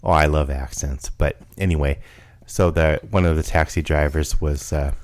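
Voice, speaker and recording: A man's voice: rumbling low, fairly even intonation, normal speed, no echo. A man from Minnesota hosting a podcast in casual chat, rambling and joking with many fillers. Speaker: podcast host.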